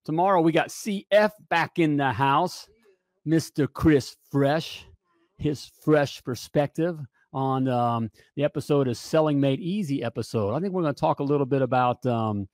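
An energetic male host talks straight to his viewers on a live show. His voice sits a little high for a man and sounds close and dry, with no room echo. He keeps it loose and chatty, checking in with the audience every few lines. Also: moderate pace. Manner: energetic and chatty, often asks "all right?". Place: home studio.

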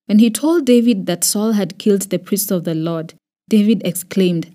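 Kenyan woman reading scripture, mellow. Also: mid-range voice. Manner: measured, expressive reading. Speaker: Bible reader.

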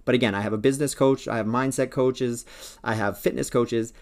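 A man's voice: mid-range voice, fairly even intonation, a little fast, darkish tone. Earnest man giving a motivational talk. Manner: earnest, persuasive. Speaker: podcast host and coach. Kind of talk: solo motivational podcast talk.

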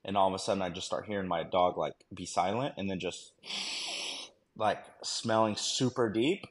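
Lowish-voiced man telling a war story. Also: normal speed. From United States. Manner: animated, slangy, many fillers and "right?". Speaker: podcast guest, former army dog handler.

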